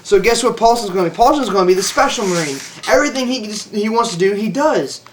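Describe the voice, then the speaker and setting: A man's voice: very high-pitched, lively intonation, normal speed, echoey room, recorded from a distance, slight background noise, voice pushed up. A man voicing a furious, sarcastic male Marine sergeant who barks and mocks. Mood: mocking. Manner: barking, sarcastic, profane.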